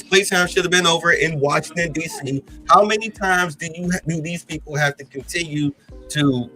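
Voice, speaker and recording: A man's voice: high voice, pushed and bright, low-quality recording. A man hosting a podcast, giving heated, blunt political commentary in an agitated, ranting way. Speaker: podcast host.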